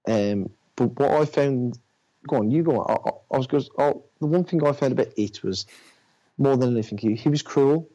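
A man's voice: medium pitch, fairly quick, dark tone. A man in casual chat about films, talking hesitantly with many fillers and restarts. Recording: dull lo-fi audio.

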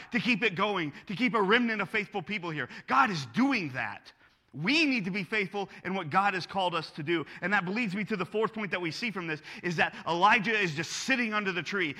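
A man's voice: sits high, bright, forceful tone, long reverb tail. A man preaching a sermon as pastor, earnest and conversational, asking his listeners rhetorical questions.

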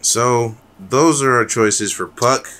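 A man's voice: medium pitch, slow pace, bright, forceful tone. A man co-hosting a podcast in loose, rambling casual chat, swearing freely. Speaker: podcast co-host.

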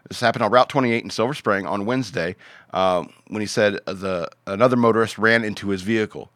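A man's voice: lowish voice, a little fast, fairly bright tone, no room sound, studio quality. A man hosting a podcast, reading out odd news stories in a rambling, joking way with many fillers. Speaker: podcast host.

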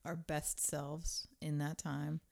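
A woman with a slightly low voice co-hosts a casual podcast. She is animated and talkative, swears freely, and rambles as she works through her thoughts. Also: takes it slowly, vocal fry. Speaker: podcast co-host, teacher. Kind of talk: casual chat.

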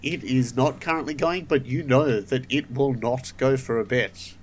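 A man runs a tabletop game and calls for rolls in an easygoing, deadpan voice. His pitch sits in the middle range for a man. A faint hiss of room noise runs under his voice. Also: moderate pace. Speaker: game master.

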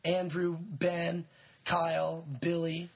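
A man in his twenties hosting a podcast, telling a story in a rambling, laid-back way with lots of fillers and shout-outs. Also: fairly high pitch, monotone, takes it slowly, vocal fry. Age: 20s. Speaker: podcast host. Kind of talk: casual storytelling chat.

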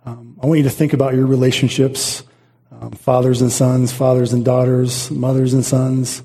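A middle-aged man preaches with a mellow, dark tone and a slightly husky edge. He speaks earnestly and repeats his phrases for weight, often restarting mid-thought as he drives his points home. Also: medium pitch, little pitch movement, moderate pace. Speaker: pastor. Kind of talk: sermon.

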